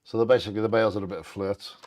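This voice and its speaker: Lower-voiced man co-hosting a bingo stream. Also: steady tone, darkish tone. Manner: jokey, quick asides between read passages. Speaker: co-host of a live bingo stream. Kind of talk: casual chat and reading out bird facts.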